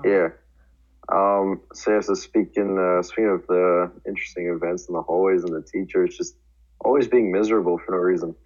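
A man's voice: sits low, fairly even intonation, moderate pace, a little mellow. A young man telling a rambling school story in casual chat, full of fillers. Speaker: podcast co-host. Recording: dull lo-fi sound.

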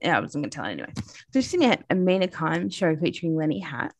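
A woman's voice: deep voice, big pitch swings, quick pace. A woman co-hosting a podcast in casual chat, chatty with frequent fillers and laughs. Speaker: podcast co-host.

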